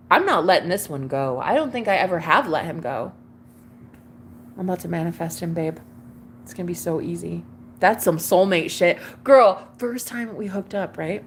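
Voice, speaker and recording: A woman's voice: medium pitch, slight background noise. Gushing, chatty young woman vlogger. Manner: gushing, chatty, calls listener girl and babe. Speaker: tarot reader and vlogger. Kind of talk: casual confessional monologue to camera.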